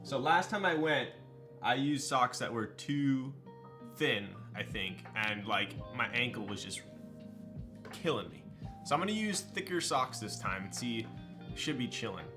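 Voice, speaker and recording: Speaking at a measured pace in a mid-range voice, a young man from Southern California talks with his live-stream viewers over soft background music. His manner is relaxed and slangy, full of laughs and fillers such as "um" and "like."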